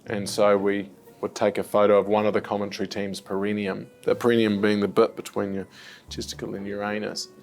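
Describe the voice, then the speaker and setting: A man's voice: lowish voice, monotone, fairly quick, creaky. A man, explaining things matter-of-factly in an interview. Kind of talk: documentary interview.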